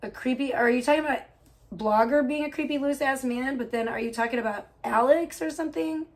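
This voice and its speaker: Brief: woman streamer, slightly high voice, cussing and gossiping in a loose chatty rant. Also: brisk. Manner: profane, gossipy, venting about other streamers. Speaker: livestreamer. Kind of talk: casual livestream rant.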